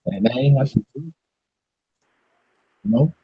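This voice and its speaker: A man's voice: mid-range voice, normal speed, husky, no room sound, muffled recording. A man leading a casual religious discussion, preaching in a slangy way full of rhetorical questions.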